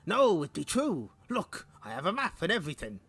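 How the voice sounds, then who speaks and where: A man's voice: high-pitched, wildly swooping pitch, moderate pace, a bit bright, husky, full character voice. A man voicing a blustering, scheming male pirate captain who talks in pirate speech. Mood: boastful. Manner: pirate talk with "be" for "is".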